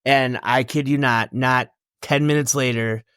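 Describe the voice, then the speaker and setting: A man's voice: medium pitch, steady tone, measured pace, a bit bright, clear, resonant tone, dry recording, clean studio sound. Laughing storyteller man on a podcast. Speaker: podcast co-host. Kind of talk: casual podcast chat.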